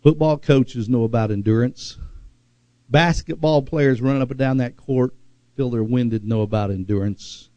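A man preaching a sermon, with dramatic pauses and drawn-out words for emphasis. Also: medium pitch, mellow, no room sound, poor audio. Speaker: pastor.

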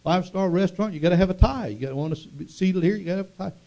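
Give me a stiff, prim restaurant manager , played by a preacher, reciting the rules. The voice is a little raised and fussy, never warm. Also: male voice, sits high, very fast, lo-fi sound, pitched above the performer's own voice.

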